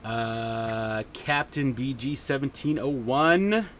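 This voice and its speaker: A man's voice: mid-range voice, slow, fairly bright tone, a little hiss or hum. A man hosting a casual livestream chat, rambling along with lots of fillers. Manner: rambling and chatty, many fillers. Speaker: podcast host.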